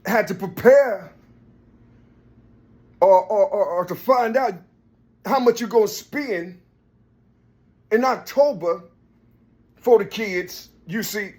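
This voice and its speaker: A man's voice: high voice, slow, long pauses, a little mellow. A man talking in a rambling, casual monologue, laughing often and repeating "listen" and "you see" as he addresses an unseen listener.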